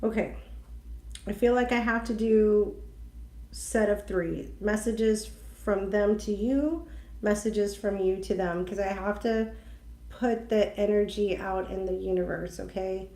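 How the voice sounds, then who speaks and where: Slow, mellow-voiced woman reading tarot. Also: mid-range voice. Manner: chatty and emotional, thinking aloud while pulling cards. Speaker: tarot reader. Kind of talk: intuitive tarot reading for viewers. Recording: echoey room with faint noise.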